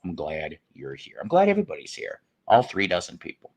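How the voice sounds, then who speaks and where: A man's voice: low voice, wildly swooping pitch, brisk, a little mellow. A man hosting a casual live stream, rambling and joking with viewers with crude humor. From northern United States.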